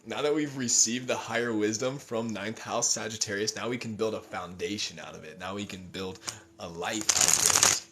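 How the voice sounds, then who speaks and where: A man hosting a livestream tarot reading, reading cards slowly and softly, then turning loud and laughing with casual swearing. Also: fairly low pitch, background noise. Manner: swings from soft, slow reading to loud, laughing, profane outbursts.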